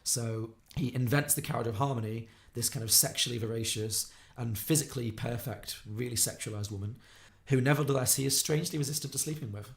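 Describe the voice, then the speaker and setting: Give me a man recapping a movie at a fast clip for a casual podcast. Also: medium pitch, gravelly. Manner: fast, animated retelling of a film plot, acting out lines. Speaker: podcast co-host.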